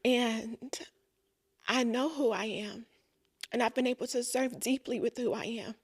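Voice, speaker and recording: A woman guest on a podcast telling a personal, emotional story in conversation, earnest and animated when she quotes others. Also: on the high side, unhurried, breathy edge. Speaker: podcast guest, business owner.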